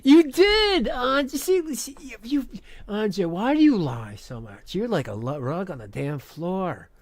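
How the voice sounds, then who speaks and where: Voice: medium pitch, very animated, a little slow, warm tone. A host doing casual commentary on a stream, heated and sarcastic, often laughing.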